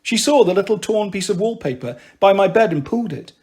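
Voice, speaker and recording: A man narrating a children's novel aloud in an expressive, animated way. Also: sits high, brisk. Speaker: storyteller. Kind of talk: audiobook reading.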